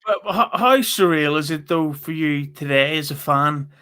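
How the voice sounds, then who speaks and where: High, bright man. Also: normal speed, clear, resonant tone. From Northern Ireland. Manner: swears freely, self-mocking humor. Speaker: podcast guest. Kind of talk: casual chat.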